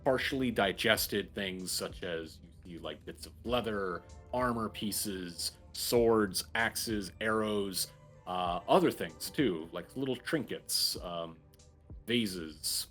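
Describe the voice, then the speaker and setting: A man's voice: fairly low pitch, expressive, slow pace, a bit bright, soft background music. A man narrating as game master of a tabletop game, describing the scene loosely with fillers.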